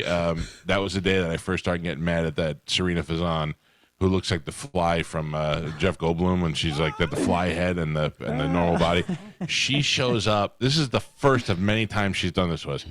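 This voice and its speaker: A man's voice: sits low, a bit bright. A middle-aged man hosting a radio show, chatting casually and telling joking stories. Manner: storytelling, joking, quick asides. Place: radio studio. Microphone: studio microphone.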